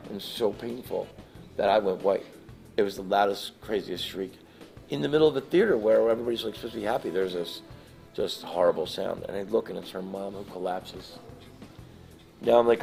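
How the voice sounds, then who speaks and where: A man telling a story to a live audience, animated and emotional, swinging from hushed to loud. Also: fairly low pitch, creaky. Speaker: guest storyteller.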